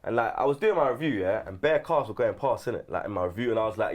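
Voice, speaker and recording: A man's voice: fairly low pitch, fast. A man chatting casually as a regular guest on a fan show, full of slang and tag questions. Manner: slangy, tags lines with rhetorical questions. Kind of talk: casual chat.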